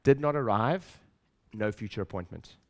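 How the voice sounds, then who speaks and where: A middle-aged man talks from a stage to a seminar audience in a voice sitting on the lower side. He hammers points home by repeating phrases and voicing his own nagging inner thoughts, and he keeps turning to the room with questions. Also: lively intonation, normal speed, darkish tone. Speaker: speaker at a practice-building seminar. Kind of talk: motivational stage talk.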